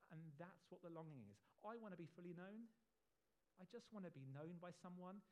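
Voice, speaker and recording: A man preaching a sermon, earnest and emphatic, repeating key phrases and slowing down on the words that matter, with homely asides. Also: sits high, expressive, darkish tone. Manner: earnest, emphatic, with repetitions and slowed stresses.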